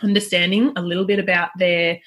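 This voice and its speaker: A woman, a parenting coach speaking in a relaxed interview, chatty and laughing often. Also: lowish voice, a little fast. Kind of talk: conversational interview.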